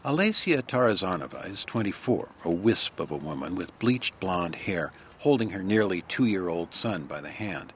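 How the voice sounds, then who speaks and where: A male radio reporter giving measured, descriptive scripted news narration. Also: low voice, very animated, slight background noise.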